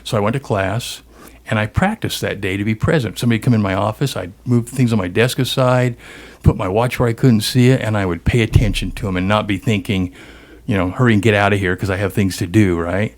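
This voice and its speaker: A middle-aged man with a fairly low voice is the guest here, telling a story in a lively, animated way. He slips into the other people's lines as he tells it. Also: a little fast. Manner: animated storyteller acting out dialogue. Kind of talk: storytelling interview.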